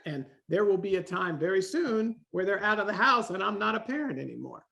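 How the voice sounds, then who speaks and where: A man in his forties, a podcast guest, talking in a lively way and acting out the voices he quotes. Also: sits high, a little fast, creaky. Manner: animated, acts out quoted voices. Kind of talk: casual conversation.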